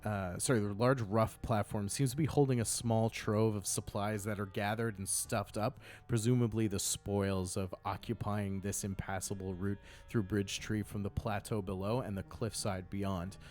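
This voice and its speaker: A man as game master, narrating a tabletop game with measured, descriptive scene-setting. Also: lowish voice, steady tone, darkish tone, faint music behind.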